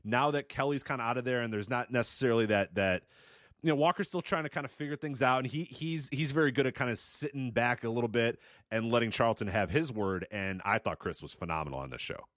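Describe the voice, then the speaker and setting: A man's voice: medium pitch, quick pace, no echo, clean studio sound. A man co-hosting a wrestling podcast, talking casually and swearing freely. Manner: animated, swears freely, mimics announcers. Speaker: podcast co-host.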